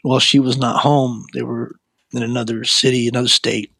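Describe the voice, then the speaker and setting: Husky man rambling through his story. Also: mid-range voice, little pitch movement, a bit bright, no echo. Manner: halting, with many fillers and restarts. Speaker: speaker giving a personal testimony.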